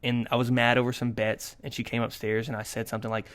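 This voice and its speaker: A man's voice: medium pitch, flat delivery, quick pace, few pauses, a bit bright. A young man in his twenties talks on his own podcast in a loose, rambling way. He swears freely and tells jokey stories, now and then jumping into sudden bursts of energy. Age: 20s. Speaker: podcast host. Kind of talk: casual solo podcast monologue.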